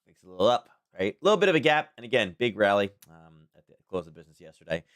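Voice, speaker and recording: A man's voice: fairly low pitch, big pitch swings, fast talker, no echo. A man hosting a casual daily market commentary stream, talking in a rambling, chatty way with frequent chuckles.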